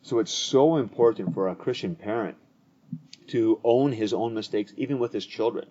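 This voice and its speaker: A man's voice: on the low side, normal speed, mellow. A man speaking earnestly in a conversation about faith and family, often repeating words as he restarts. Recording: dull lo-fi audio.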